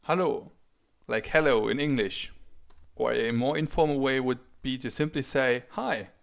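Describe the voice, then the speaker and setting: Male language teacher, gravelly tone, clear patient delivery, repeats phrases. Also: mid-range voice, moderate pace. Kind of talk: scripted language lesson.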